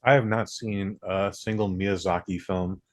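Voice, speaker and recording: A man's voice: sits low, steady tone, unhurried, dry recording, studio quality. A man in casual podcast chat, talking bluntly and swearing for emphasis. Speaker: podcast co-host.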